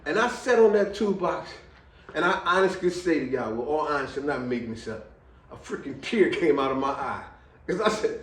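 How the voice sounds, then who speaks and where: A middle-aged man telling a personal story to viewers, lively and full of slang, swinging between loud exclamations and quiet asides and laughing often. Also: fairly high pitch, a little fast. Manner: casual American slang, addresses viewers as y'all. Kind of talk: animated storytelling monologue. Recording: roomy, a little distant from the mic.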